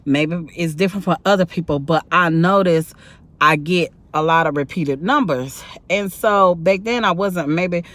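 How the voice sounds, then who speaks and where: A woman's voice: lowish voice, normal speed, a bit bright. Sleepy, rambling woman vlogger. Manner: rambling, chatty, many fillers. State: tired and sleepy. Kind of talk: casual talk to camera.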